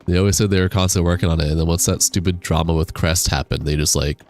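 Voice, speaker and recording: A man streams a game on a desk USB microphone, chatting casually, reading chat aloud, and laughing and swearing now and then. His low, steady voice has a darkish tone and moves at a quick pace over soft background music.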